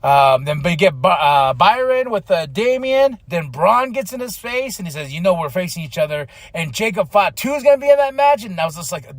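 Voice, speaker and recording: Excitable high-voiced man recapping wrestling. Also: dry recording. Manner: excitable, acts out wrestlers' lines in quick voices, many fillers. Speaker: podcast host recapping wrestling. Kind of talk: casual chat.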